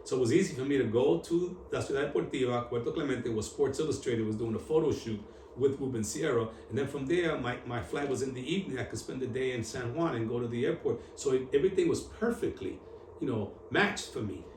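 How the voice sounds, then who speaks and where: A man telling his story on camera in an interview, in animated street slang with Spanish mixed in. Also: mid-range voice, fast, far from the mic. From New York. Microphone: camera at a distance. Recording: echoey room, voice from off-mic, faint hum.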